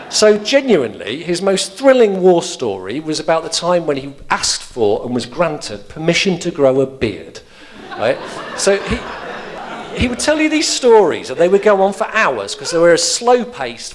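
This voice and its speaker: Middle-aged English stand-up comic, expressive rising and falling voice, rambling storyteller, live stage mic. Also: male voice, fairly high pitch. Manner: animated storytelling with frequent restarts and fillers. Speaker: stand-up comedian. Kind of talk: stand-up comedy. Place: theatre stage before a live audience.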